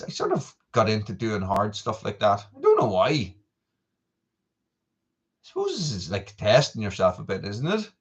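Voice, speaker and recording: A man's voice: on the low side, fairly bright tone, husky, dull audio. A man, chatting casually and rambling on a live stream, full of asides and restarts. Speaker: vlogger doing a live chat.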